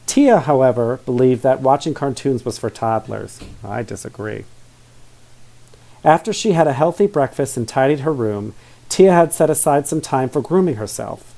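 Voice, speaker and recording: A man's voice: mid-range voice, animated, normal speed, creaky, dark tone. A man reading a children's story aloud, adding chatty asides and questions to young listeners. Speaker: storybook reader.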